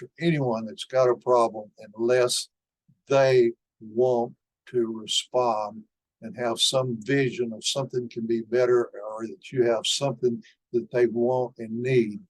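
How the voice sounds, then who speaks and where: An older man delivers a lecture at a measured, unhurried pace. His voice sits at an ordinary middle pitch, and he often pauses with an "uh" as he walks through the results. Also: low-quality recording. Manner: slow and deliberate, with frequent "uh" pauses. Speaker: conference speaker. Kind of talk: lecture presenting study results.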